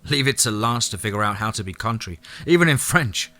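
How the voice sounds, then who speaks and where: A man voicing a teasing young woman from the South in an audiobook, raising his pitch for her. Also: animated, fairly quick, sharp tone.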